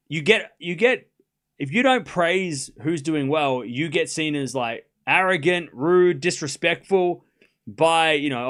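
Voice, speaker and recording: A man's voice: fairly high pitch, fairly bright tone. A young man hosting a live stream, chatting casually and rambling, often repeating himself. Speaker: host.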